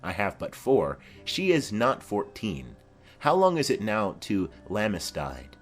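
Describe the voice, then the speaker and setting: A man's voice: lowish voice, wildly swooping pitch, unhurried, soft background music. A man voicing a garrulous old woman nurse who chatters on in long rambling memories, in a dramatic reading of a play.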